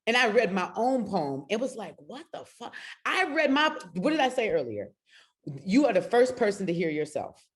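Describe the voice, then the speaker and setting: A woman's voice: mid-range voice, big pitch swings, moderate pace. A middle-aged woman spoken word poet talking earnestly on a video call, emotional and close to tears. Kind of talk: casual talk on a video call.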